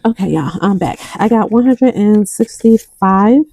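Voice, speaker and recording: A woman's voice: mid-range voice, expressive, unhurried, warm tone, low-quality recording. A young adult woman vlogging about her budget, counting bills aloud and telling a story between counts. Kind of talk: casual chat while counting cash.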